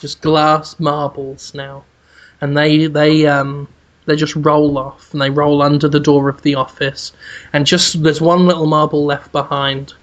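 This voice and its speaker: A podcast host spinning an absurd comic movie pitch in a rambling, deadpan way, full of fillers and restarts. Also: measured pace, dull audio. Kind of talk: absurd comedic storytelling.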